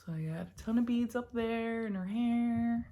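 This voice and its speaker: A young cross-stitch vlogger from Philadelphia, USA, rambles casually about her stitching projects in a Philly accent. Her voice is mellow and on the high side at a normal speed, and she fills her talk with ums and restarts.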